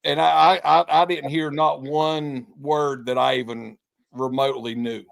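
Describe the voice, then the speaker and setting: A man's voice: on the high side, level tone, measured pace, creaky. A man co-hosting a podcast in casual chat, rambling and profane as he tells stories. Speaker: podcast co-host.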